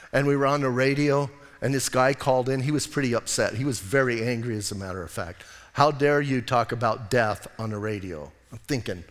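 A male pastor preaching an animated, conversational sermon and acting out bits of dialogue. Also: mid-range voice, big-room sound.

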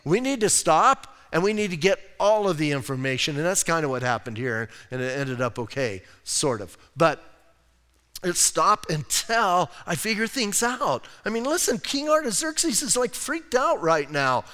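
Pastor guy preaching, bit higher voice, chatty and folksy, long church hall reverb. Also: big pitch swings, moderate pace, pushed and bright. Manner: conversational, chatty, folksy asides. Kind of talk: sermon. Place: church sanctuary.

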